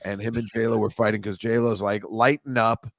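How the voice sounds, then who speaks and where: A man's voice: fairly low pitch, flat delivery, fast talker, gravelly, a little mellow, no room sound. Guy hosting a comedy talk show, rambly, keeps tripping over his words, dry close sound. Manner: rambling, self-deprecating, stammers and restarts. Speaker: host.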